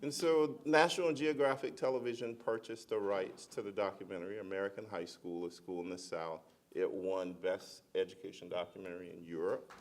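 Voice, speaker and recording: A middle-aged man on a conference panel, a school principal telling a lively personal story and acting out the voices of the people in it. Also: sits low, fairly quick. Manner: animated storyteller, acts out quoted voices.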